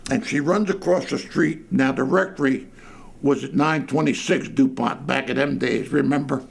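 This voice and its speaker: A man's voice: medium pitch, normal speed, gravelly, husky. An older man telling a colorful story about his boyhood during an interview, speaking from inside a dim church. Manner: colorful, lively anecdote telling.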